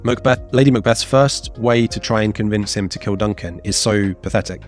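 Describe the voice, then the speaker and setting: A man in his thirties teaching a casual exam revision lesson, chatty and animated, slipping into playful voices for the quotes. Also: fairly low pitch, normal speed, faint music behind.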